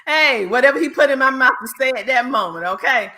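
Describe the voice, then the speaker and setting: A woman's voice: high voice, expressive, pushed and bright. A woman from South Carolina with a Southern twang, a business coach speaking as an upbeat interview guest. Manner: upbeat, laughs often, drawn-out twang. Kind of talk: casual interview.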